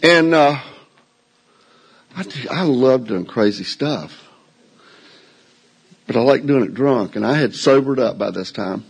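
A man's voice: medium pitch, lively intonation, slow, gravelly, long pauses, breathy edge, poor audio. An older man telling a story on stage to a live audience in a folksy, self-mocking way. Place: indoor venue before a live audience.

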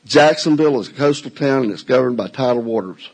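A man's voice: medium pitch, expressive, fast talker, darkish tone, husky, poor audio. An older man telling a story on stage to a live audience in a folksy, self-mocking way. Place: indoor venue before a live audience.

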